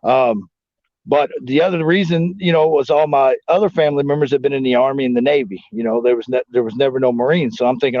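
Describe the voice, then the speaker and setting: A man's voice: mid-range voice, normal speed, mellow, dry recording. Profane rambling man, dull dry audio. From United States. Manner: profane, rambling, heavy filler 'you know what I'm saying'. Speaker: interview guest, former wrestler and Marine. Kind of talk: casual storytelling shoot interview.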